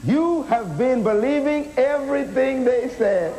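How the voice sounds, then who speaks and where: A man's voice: very high-pitched, lively intonation, a little slow, mellow, faint music behind, rough recording. A man preaching a sermon in an auditorium, emphatic, asking rhetorical questions and calling the crowd to respond.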